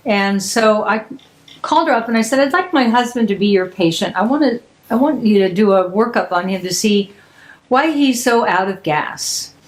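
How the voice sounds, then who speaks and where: A woman's voice: mid-range voice, expressive, normal speed, low-quality recording. Chatty older woman telling a story. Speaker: podcast host. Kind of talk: casual chat.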